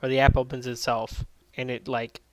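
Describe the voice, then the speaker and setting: A man's voice: mid-range voice, flat delivery, moderate pace, a bit bright, clean tone, no room sound. A man casually recapping and reviewing an anime episode, rambling with lots of fillers and swearing freely.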